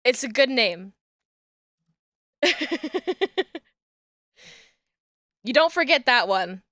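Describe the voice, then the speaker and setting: A young woman streamer, chatting casually and rambling, with bursts of excited yelling. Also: high voice, drawn-out words, no echo, clean studio sound. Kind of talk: casual livestream chat while crafting.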